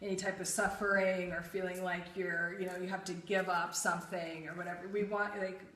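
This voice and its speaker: A woman's voice: lowish voice, flat delivery, brisk, a bit bright, roomy sound, distant mic. A woman co-hosting a live fitness show, talking in a chatty, casual way full of fillers. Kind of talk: casual live-stream chat.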